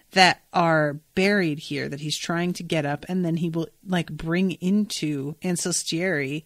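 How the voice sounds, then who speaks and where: A woman's voice: on the low side, no echo, clean studio sound. A woman hosting a podcast, recapping a book in a chatty way and swearing freely. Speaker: podcast host.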